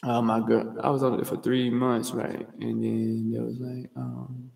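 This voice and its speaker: A young man from Georgia hosting a livestream, telling rambling, profane stories in slangy, fast casual talk. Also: medium pitch, completely flat delivery, creaky, a little mellow. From US state of Georgia. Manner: fast talker. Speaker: livestream host. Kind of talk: casual storytelling monologue. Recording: roomy with long reverb.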